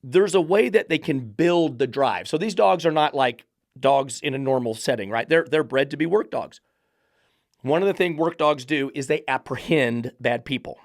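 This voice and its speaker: A man's voice: fairly high pitch, animated, normal speed, vocal fry, no room sound, studio quality. A man who trains dogs and hosts a podcast, ranting in a blunt, profane, emphatic monologue. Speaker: dog trainer and podcast host.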